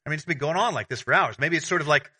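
A man preaching a sermon as pastor, conversational and animated, with everyday analogies. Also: on the high side, rapid-fire, husky.

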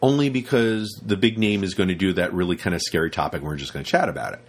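Man, deep low voice, casual podcast talk, rambling, repeats himself. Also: quick pace. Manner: rambling, repeats words, acts out quoted students. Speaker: podcast host and rope teacher.

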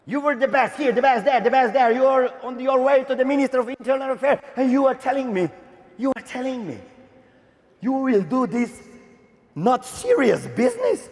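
A man's voice: very high-pitched, gravelly, pitched above the performer's own voice, full character voice. A man voicing his stern older father, scolding and commanding, in a reverberant hall.

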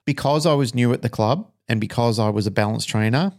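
Gravelly man, frank storyteller. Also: mid-range voice, a little fast, darkish tone. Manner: frank, emotional, swears freely. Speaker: dog trainer and podcast co-host. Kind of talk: candid podcast storytelling.

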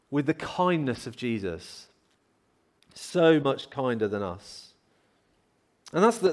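Male preacher, conversational sermon, fairly high voice, very animated pitch. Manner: conversational, rhetorical questions, acts out voices.

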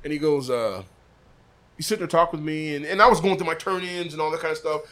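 This is a pitmaster from Des Moines in a casual podcast chat, telling a story with lots of energy. He acts out the dialogue as he goes, and his voice sits a bit high for a man. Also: fast talker, fairly bright tone. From Des Moines, Iowa. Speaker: podcast guest, barbecue pitmaster. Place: room above a butcher shop.

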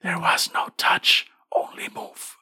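A man voicing a simple-minded enchanted butter knife in a whispered role-play, breathy and speaking in short broken phrases. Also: slow pace, pushed and bright, no echo, studio quality. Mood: eerie.

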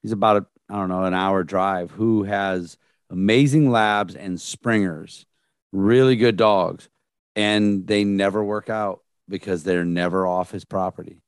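A man's voice: low-pitched, fairly even intonation, clean tone, dry recording, clean studio sound. A man in a casual chat who rambles and halts, restarting his sentences often. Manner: rambling, halting, many restarts.

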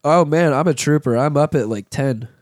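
A man's voice: fairly high pitch, normal speed, darkish tone, no room sound, studio quality. A man hosting a casual podcast, sniffling from a cold, talking in a loose, profane way and laughing often. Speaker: podcast host.

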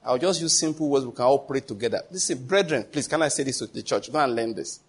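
A man's voice: medium pitch, quick pace, slightly rough. A man preaching a sermon as pastor, emphatic, full of rhetorical questions and pidgin asides.

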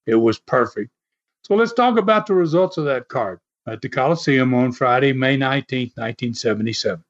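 An older man hosting a podcast, telling stories in a rambling way with many fillers and restarts. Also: medium pitch. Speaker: podcast host and former wrestling promoter. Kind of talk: casual storytelling. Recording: dull lo-fi audio.

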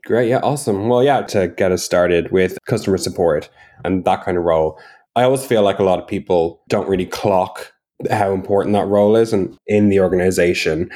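Deep-voiced man, relaxed podcast guest. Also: brisk. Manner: relaxed, conversational, some restarts. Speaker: support team lead, guest. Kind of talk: casual interview chat.

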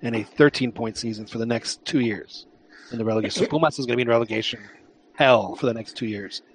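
A man co-hosting a soccer podcast, talking through the numbers in a halting way, repeating words. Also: medium pitch, breathy edge. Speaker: podcast co-host. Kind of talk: casual sports chat.

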